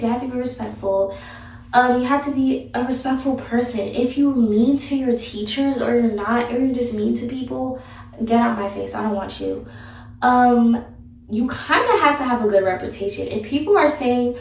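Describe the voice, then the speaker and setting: Young woman, sassy and blunt, casual advice chat, gravelly edge, distant mic in an echoey room. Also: a little high, moderate pace. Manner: sassy, blunt, chatty with restarts. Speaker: vlogger giving advice.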